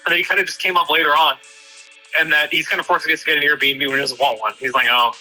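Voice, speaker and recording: Very bright, slightly high man, hesitant. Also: fairly even intonation, quick pace, soft background music, low-quality recording. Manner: hesitant, full of fillers, retelling a conversation. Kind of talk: casual chat.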